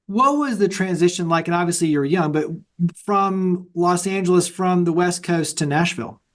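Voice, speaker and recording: A man's voice: sits high, moderate pace. A man from Texas hosting a conversational interview, friendly and chatty with laughing asides. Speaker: podcast host.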